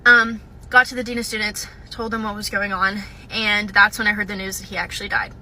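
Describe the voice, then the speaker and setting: A woman's voice: medium pitch, level tone, fairly quick, bright, forceful tone, slight background noise, rough recording. A young woman, a university student, telling a personal story to the camera in a casual, hesitant way, full of "um" and "like". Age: young adult. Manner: hesitant, with frequent "um" and "like".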